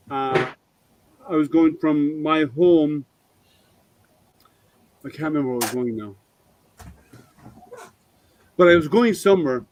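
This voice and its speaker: A man's voice: on the high side, a little hiss or hum, low-quality recording. A man hosting a casual maker hangout, rambling with lots of ums and restarts. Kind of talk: casual chat.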